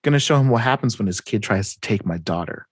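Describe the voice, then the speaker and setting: A man voicing a menacing male crime boss in a casual comic recap, with flat, matter-of-fact threats. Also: lowish voice, fast, breathy edge, dry recording, clean studio sound. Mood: cold.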